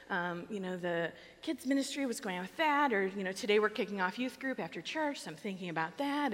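A middle-aged woman pastor giving a conversational, animated sermon on a microphone, telling a personal story and acting out quoted lines. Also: medium pitch. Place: church sanctuary. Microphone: wearing a microphone. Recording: long reverb of a church hall.

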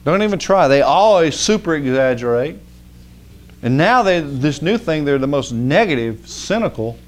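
Male preacher, folksy conversational sermon, slightly high voice, swings from hushed to emphatic. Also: moderate pace. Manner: animated, rising to emphatic outbursts.

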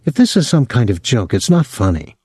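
A man voicing a shrill, upset young woman in a novel reading. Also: very animated, fairly quick, a little mellow, slightly rough, no echo, clean studio sound.

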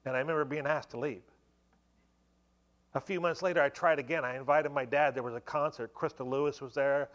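A man's voice: medium pitch, steady tone, brisk, a bit bright, dull audio. A man in his forties giving a church testimony, telling the story conversationally and filling it with many asides. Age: 40s. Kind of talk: sermon testimony.

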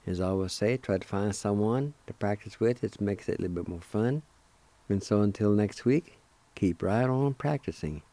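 A man teaching a language lesson on the radio, spelling out and pronouncing words syllable by syllable in a slow, deliberate way. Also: on the low side, dark tone.

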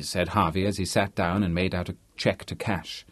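A man narrating a novel audiobook in a measured, expressive way. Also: sits low, husky, dry recording, clean studio sound. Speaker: audiobook reader. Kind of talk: scripted narration.

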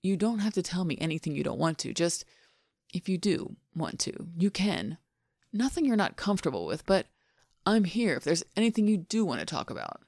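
A woman voicing a sly, fond adult man in a podfic of fan fiction, in a soft, lightly teasing way. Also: on the low side, big pitch swings, normal speed, creaky, dry recording, studio quality, exaggerated voice.

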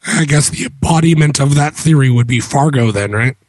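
A man's voice: mid-range voice, a little fast, darkish tone, no room sound. A man in casual podcast chat, wry and joking.

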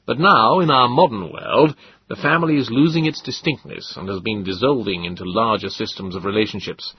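Man doing a persuasive middle-aged official, low husky voice, earnest and lecturing, dry lo-fi sound. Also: brisk, a little hiss or hum, natural voice. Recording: dull lo-fi dry audiobook.

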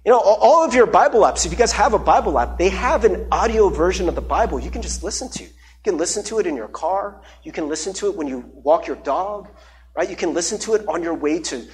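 A man's voice: sits high, animated, quick pace. A man preaching a conversational sermon as pastor, with many fillers and repeated words.

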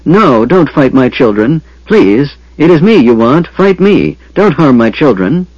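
Brief: narrator putting on a heartbroken old dragoness, shrill and raised, dull lo-fi audiobook sound. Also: male voice, sing-song, a little slow, a little mellow, no room sound. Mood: anguished pleading. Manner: shrieking, pleading. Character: old female dragon, grief-stricken and raging.

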